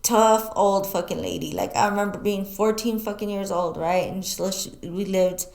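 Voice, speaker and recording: A woman co-hosting a talk show, telling animated stories in casual chat and swearing freely. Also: mid-range voice, normal speed, creaky. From New Mexico, US. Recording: echoey room.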